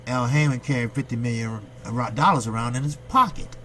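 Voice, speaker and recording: With a little hiss or hum in the recording, a US man runs a boxing channel monologue at a fairly quick clip. His medium-pitched voice is a bit bright, and his delivery is a profane, blunt rant peppered with rhetorical questions for viewers.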